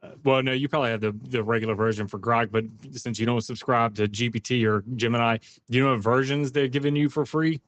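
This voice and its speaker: A male co-host chimes in with short, wry, teasing remarks during a casual chat. His voice sits at an ordinary middle pitch. The delivery stays relaxed and conversational. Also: quick pace, few pauses.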